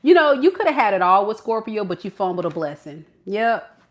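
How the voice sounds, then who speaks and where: A woman's voice: medium pitch, big pitch swings, brisk. A woman tarot reader talks to her viewers in a playful, slangy way, breaking into laughter as she reads. Her voice swoops up and down with a lot of movement. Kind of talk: tarot reading to camera.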